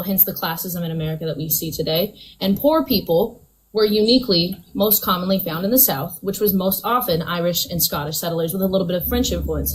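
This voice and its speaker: A woman's voice: lowish voice, breathy edge, poor audio. A woman in a casual online debate, explaining her point at length with many fillers. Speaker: debate participant.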